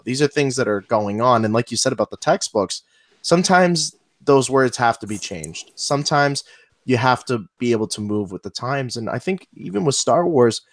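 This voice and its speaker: A man's voice: mid-range voice, dry recording, clean studio sound. A man hosting a podcast interview, talking enthusiastically in long run-on sentences and affirming his guest. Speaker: podcast host. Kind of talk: casual conversational interview.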